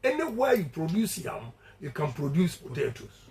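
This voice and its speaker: A Ghanaian politician's fairly high, slightly mellow voice carries a sing-song lilt at a moderate pace as he addresses supporters. The campaign speech is emphatic and declamatory, with points repeated and language shifting between English and Twi. The recording is low in quality.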